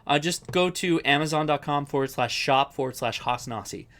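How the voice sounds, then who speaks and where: A man's voice: a little high, a little fast, fairly bright tone. A young adult man hosting a casual live-stream Q&A, chatty and rambling, often correcting himself as he answers viewer questions.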